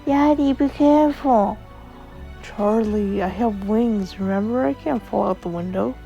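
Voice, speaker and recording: A gentle, loving father, voiced by a woman, speaks in calm, reassuring tones. The voice sounds mellow and a little gravelly, on a dull recording with faint music under it. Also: medium pitch, normal speed, lightly acted. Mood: soothing. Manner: soothing, reassuring.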